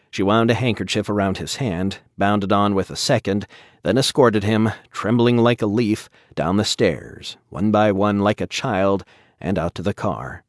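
A man reading a novel aloud as narrator, with measured, even storytelling. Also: fairly low pitch, dry recording, clean studio sound. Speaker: audiobook narrator. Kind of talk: scripted narration.

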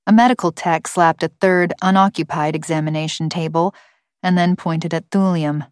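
Reading an audiobook in a measured, even manner, a woman tells the story in a fairly low-pitched voice. This scripted narration is captured dry, at studio quality.

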